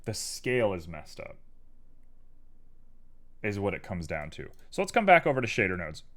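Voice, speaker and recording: A man with a low-pitched voice that swings widely up and down as he talks. He chats casually and goofily with his viewers while working on his art, joking around as he goes. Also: big pitch swings, moderate pace, fairly bright tone. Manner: playful and goofy, chatting with viewers. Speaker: live streamer doing 3D art.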